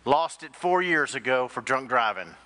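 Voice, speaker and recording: A man voicing a feisty older Texas woman, with a dry, deadpan delivery in a lowered voice. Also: normal speed, big-room sound. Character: feisty older Texas woman who coolly toys with police.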